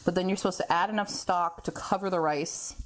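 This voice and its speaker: A woman's voice: fairly low pitch, steady tone, brisk. A woman hosting a casual cooking vlog from her home kitchen. She rambles and laughs a lot, and talks to herself as she works. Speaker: cooking video host.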